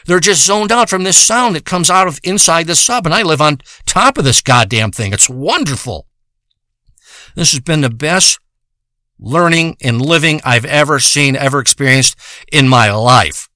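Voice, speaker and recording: A man's voice: fairly high pitch, animated, normal speed, sharp tone, dry recording, clean studio sound. A man telling a rambling, profane comic monologue, wandering from one tangent to the next. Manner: profane, rambling, meandering storytelling.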